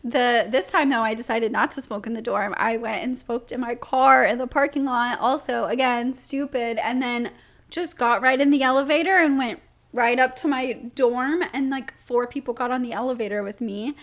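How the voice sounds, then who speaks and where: A young woman in her twenties co-hosting a podcast, telling a story in a casual, animated, giggly way with lots of "like". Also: on the high side, normal speed. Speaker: podcast co-host.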